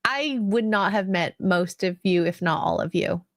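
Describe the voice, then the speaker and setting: A woman's voice: on the low side, normal speed, a bit bright, dry recording, studio quality. A woman from Canada with a Canadian accent, chatting as a guest streamer on a podcast, bubbly and self-deprecating. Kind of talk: casual podcast chat.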